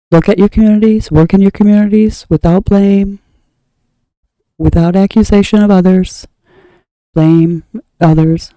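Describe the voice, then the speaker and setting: A woman from the United States with a very dark, mellow tone, talking bluntly in a rambling monologue. She often trails off and restarts mid-sentence. The sound is close and dry, with no room echo. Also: on the low side. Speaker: tarot reader. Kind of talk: opinionated spoken monologue.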